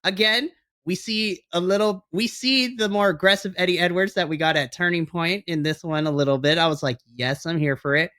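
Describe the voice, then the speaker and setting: Excited guy recapping a wrestling show, higher bright voice, gushing about matches. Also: a little fast. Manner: enthusiastic, recaps events, mimics wrestlers. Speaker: podcast co-host. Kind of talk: casual wrestling podcast chat.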